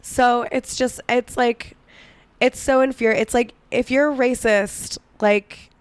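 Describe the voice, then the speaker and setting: Casting note: woman podcast co-host, hoarse and fading, smooth but dry close-mic sound, chatty and indignant. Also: a little high, steady tone, takes it slowly, no room sound. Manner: chatty, many "like" fillers, indignant asides. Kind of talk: casual chat, telling history.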